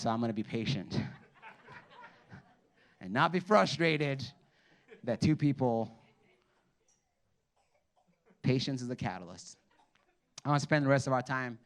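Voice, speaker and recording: A man preaching a sermon, animated, asking the congregation to respond and dropping to quiet asides. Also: medium pitch. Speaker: pastor.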